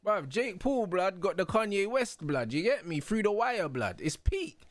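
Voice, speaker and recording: A young man hosting a live football watch-along, talking excitedly in heavy slang and laughing loudly. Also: sits high, moderate pace, dry recording. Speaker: host.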